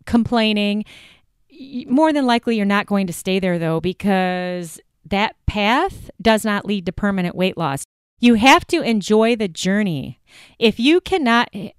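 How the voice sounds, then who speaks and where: A woman's voice: on the high side, smooth, no echo, clean studio sound. A woman hosting a solo coaching podcast, talking directly and emphatically, firing off rhetorical questions. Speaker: podcast host and weight loss coach.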